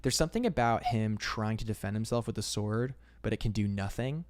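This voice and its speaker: A young man casually chatting on a livestream, reading out comments and rambling with lots of fillers. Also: fairly low pitch. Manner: laid-back and rambling, drawn-out fillers, calls chat "man". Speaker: illustrator streaming live.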